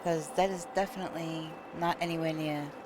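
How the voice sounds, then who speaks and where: A woman's voice: low-pitched, steady tone, a little fast, noisy background. A woman from Long Island with a New York accent, chatting casually with viewers on a live stream and laughing often.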